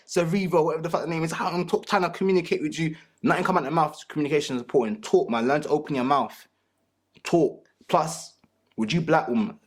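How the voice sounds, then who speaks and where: A man, a panelist talking in a crude, joking, slangy way about relationships. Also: a little high. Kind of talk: casual panel talk.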